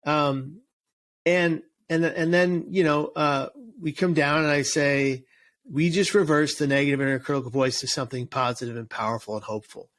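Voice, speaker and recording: A man's voice: a little high, steady tone, moderate pace, a bit bright. A man speaking as an interview guest and suicide prevention speaker, earnest and emphatic, often restarting and repeating words. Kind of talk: casual interview chat.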